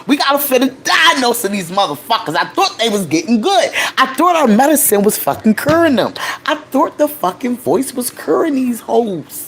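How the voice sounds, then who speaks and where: A woman's voice: on the high side, very animated, normal speed, slight background noise. Nasal, brash woman gossip streamer. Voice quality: nasal, allergy-stuffed voice. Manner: brash, profane, laughing often. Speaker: live-stream host. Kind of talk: casual celebrity gossip commentary.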